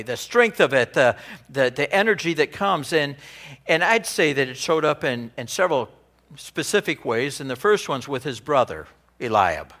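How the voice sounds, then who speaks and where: A male pastor preaching a sermon in an animated, conversational way. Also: fairly high pitch.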